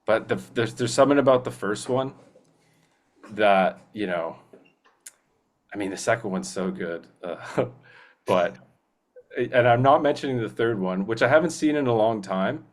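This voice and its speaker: A man's voice: on the low side, expressive. A male voice actor, a guest in a casual interview, chatting eagerly and rambling with many fillers and restarts. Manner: slips into quick movie-character impressions.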